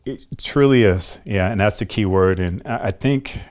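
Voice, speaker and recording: A middle-aged man from the United States, a guest telling a personal story in a halting, reflective way. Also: fairly low pitch, darkish tone. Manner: halting, reflective, slows down often.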